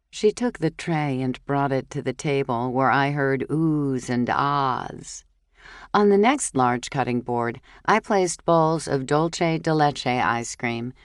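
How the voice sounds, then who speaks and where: A woman narrating a cozy mystery audiobook in a measured, even storytelling voice. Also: low voice, clean tone, no echo, studio quality. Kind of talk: scripted narration.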